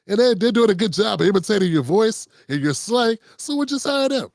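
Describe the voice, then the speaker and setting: A man's voice: sits high, expressive, moderate pace, creaky, no echo, studio quality. A man hosting unscripted political commentary, talking casually and riffing, slipping into quoted voices.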